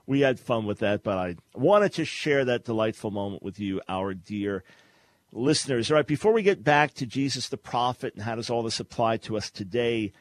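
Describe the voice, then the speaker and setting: A man's voice: medium pitch, dry recording. An older man from New York with a New York accent, hosting a talk radio show in a casual, sarcastic way and laughing often. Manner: sarcastic, laughs often while telling a story.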